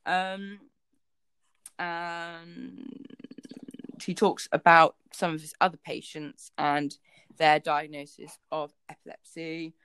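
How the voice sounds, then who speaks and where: Low-voiced woman podcast co-host. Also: level tone, takes it slowly, pauses often, fairly bright tone, smooth, dry recording. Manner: chatty, rambling with many fillers. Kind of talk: casual book discussion podcast.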